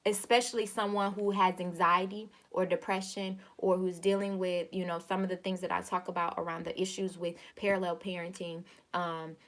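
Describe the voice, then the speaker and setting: A woman with a low, gravelly voice talks straight to her viewers on a live stream, earnest and repeating herself as she goes. She is in her thirties and keeps calling them y'all. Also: little pitch movement, moderate pace, few pauses, a bit bright. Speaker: host of a live video. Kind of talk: casual live-stream talk.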